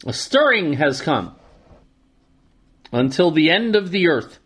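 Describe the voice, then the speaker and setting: Man, scripture lesson, reads then explains, wry asides, fairly high pitch. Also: very animated, slow pace, fairly bright tone, slightly rough. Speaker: Torah teacher.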